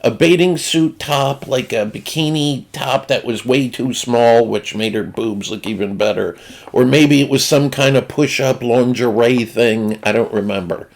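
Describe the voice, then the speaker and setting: A man's voice: mid-range voice, measured pace, gravelly. A man with a Northeastern US accent telling a crude comic story in a rambling, self-interrupting way. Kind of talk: casual comedic storytelling.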